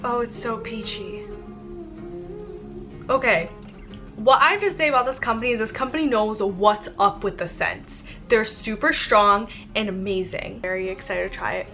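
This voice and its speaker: Faint music plays behind a young adult woman whose medium-pitched voice sounds pushed and bright at a moderate pace. She's a YouTuber doing a relaxed product review vlog, gushing girlishly with lots of "like" and "oh my god."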